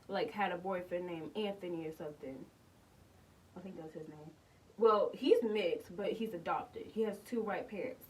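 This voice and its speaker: A woman's voice: mid-range voice, distant mic, a little hiss or hum, rough recording. A young woman casually reacting to and reviewing a TV episode, rambling with lots of fillers and repeated words. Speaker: TV reaction vlogger.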